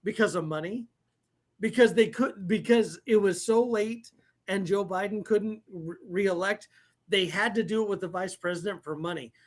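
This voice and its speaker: A man's voice: high voice, moderate pace. A middle-aged man hosting a casual live stream, rambling and swearing, often breaking into laughter. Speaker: podcast host.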